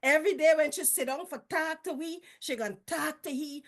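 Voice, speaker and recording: A woman with a Guyanese accent telling childhood stories in a lively, folksy way. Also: high voice, fairly quick, few pauses. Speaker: storyteller. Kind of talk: casual storytelling.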